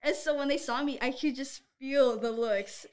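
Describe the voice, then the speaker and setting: A woman's voice: high voice, normal speed, clear, resonant tone. A young adult woman in a casual podcast chat, talking in a breezy way and laughing easily. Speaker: podcast co-host.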